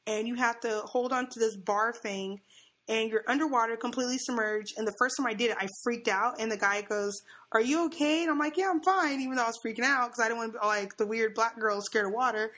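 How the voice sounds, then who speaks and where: Young woman telling a funny story, kinda high voice, laughing a lot, acting out the quotes. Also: quick pace. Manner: animated, laughs often, acts out quotes. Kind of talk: casual chat, storytelling.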